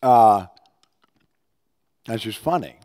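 A male pastor preaching a conversational sermon with personal stories, swinging from hushed, low passages to loud, animated ones. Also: slow pace. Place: church service.

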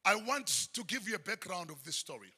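Raspy, shouting South African preacher. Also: male voice, sing-song, a little fast. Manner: preaching with frequent shouted high bursts. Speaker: pastor. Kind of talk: sermon. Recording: long church hall reverb.

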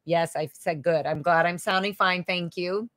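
Chatty woman on a livestream Q&A, lowish voice, dry close sound, casual and a bit sweary. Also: steady tone, moderate pace, a bit bright, no room sound. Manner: chatty, reads viewer comments aloud, casual swearing. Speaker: livestream host.

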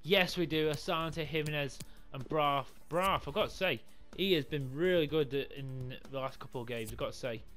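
A man commentating his own football video game run, swinging from calm talk to swearing and yelling at the screen. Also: on the high side, normal speed, few pauses. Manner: excitable, sweary, yells at the game. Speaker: gaming YouTuber. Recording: music playing behind.

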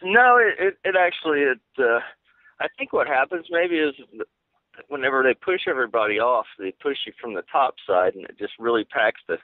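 A man who drives race cars, answering interview questions in a halting, plain-spoken way. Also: medium pitch, animated, dry recording. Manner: halting, many fillers and restarts, plain-spoken. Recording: tinny phone-like line.

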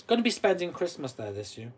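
A man's voice: on the high side, big pitch swings, fast, slightly rough. A Welsh man in his forties hosting a live stream, reading out viewer comments and answering them in a chatty way. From Wales. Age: 40s. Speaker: channel host.

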